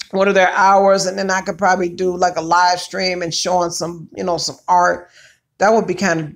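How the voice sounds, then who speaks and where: A woman hosting a casual livestream, chatty and hoarse from allergies, exclaiming and calling out to her viewers. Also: mid-range voice, fairly bright tone. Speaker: livestream host.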